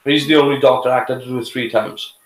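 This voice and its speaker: A man's voice: medium pitch, steady tone, fast talker, echoey room, a little hiss or hum, poor audio. A man hosting a casual live reaction, speaking in an opinionated, hesitant way with many restarts. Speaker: show host reviewing TV.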